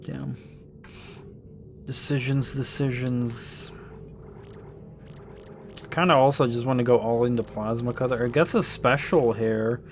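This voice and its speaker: A man streaming a game, muttering and swearing as he thinks out loud about upgrades. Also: medium pitch, fairly quick, few pauses, soft background music. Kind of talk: casual gameplay commentary.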